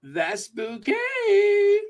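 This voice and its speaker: A man putting on a high, prim falsetto as a snobbish posh English matron. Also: wildly swooping pitch, very slow, full character voice. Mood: haughty.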